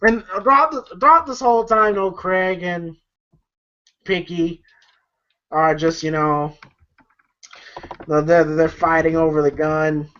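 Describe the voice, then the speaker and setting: A man's voice: on the high side, slow, pauses often, bright, forceful tone. Rambling, profane male movie reviewer. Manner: rambling, profane, lots of fillers. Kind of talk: casual movie review vlog. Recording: dull lo-fi recording.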